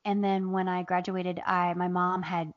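Animated woman telling funny stories. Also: lowish voice, measured pace, no room sound. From Ohio. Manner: animated, laughing anecdotes with acted quotes. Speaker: guest author and comedian. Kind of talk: casual interview storytelling. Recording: dull, dry lo-fi sound.

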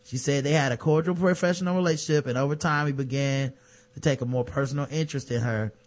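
A man's voice: mid-range voice, steady tone, fast talker. Sarcastic man reading news on a podcast. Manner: sarcastic, profane commentary between read-out news items. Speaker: podcast co-host. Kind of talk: casual podcast chat reading news aloud.

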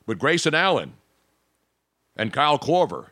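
A man's voice: fairly high pitch, big pitch swings, normal speed, pushed and bright, no room sound, studio quality. A man hosting a casual sports talk show, joking and rambling between topics.

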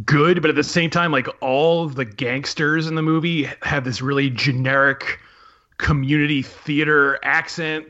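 A man's voice: a little high, steady tone, normal speed, sharp tone, lo-fi sound. A man talking casually and hesitantly as a podcast co-host, with frequent ums and restarts. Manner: chatty, hesitant with many ums. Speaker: podcast co-host, film writer. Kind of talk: casual chat.

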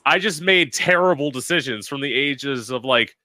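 A man's voice: mid-range voice, expressive, normal speed, pushed and bright, no echo. A young man as an interview guest, telling a personal story in a candid, dramatic and profane way.

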